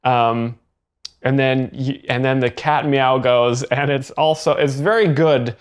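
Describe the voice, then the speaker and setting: A man giving deadpan mock expert commentary on a comedy set, halting and restarting his sentences. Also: medium pitch, smooth. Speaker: comedy show host.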